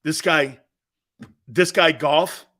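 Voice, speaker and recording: Man, sports show host, high animated voice, bright tone, loud banter, laughs a lot. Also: extremely slow. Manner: loud, laughs often, jokey.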